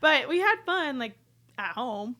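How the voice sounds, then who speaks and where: A young woman with an Oklahoma accent chats as a podcast guest. She has a fairly high voice, laughs easily and fills her talk with fillers. Her manner is casual and chatty. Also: expressive, unhurried, bright, forceful tone. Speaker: country music artist, guest. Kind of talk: casual chat.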